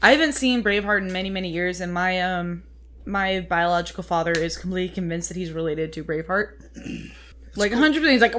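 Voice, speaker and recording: A chatty woman in a casual chat over whiskey, talking with lots of fillers and animated asides. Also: on the low side, fairly quick, slight background noise.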